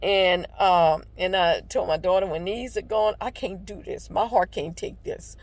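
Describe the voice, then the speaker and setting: An older woman speaks in a low, gravelly voice. She tells a personal story in a heartfelt, rambling way, with many ums and restarts, then turns it into gentle encouragement. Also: unhurried. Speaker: devotional vlogger. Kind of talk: casual personal testimony with encouragement.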